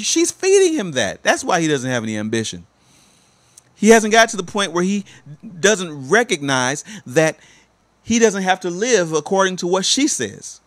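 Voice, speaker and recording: A man's voice: high-pitched, big pitch swings, normal speed, fairly bright tone. A male life coach giving a motivational, sermon-like talk, emphatic and repetitive as he urges listeners on. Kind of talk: motivational preaching.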